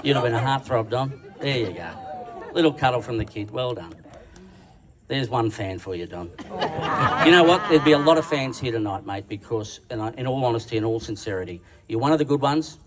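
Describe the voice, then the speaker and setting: Aussie bloke doing a cheeky roast speech, mic far off, noisy room. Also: male voice, medium pitch, animated, a little fast, a crowd in the background. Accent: Australian. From Australia. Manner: irreverent, teasing, slangy. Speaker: roast speaker. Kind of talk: comic roast speech at a dinner. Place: dinner function room. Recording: distant mic with background noise.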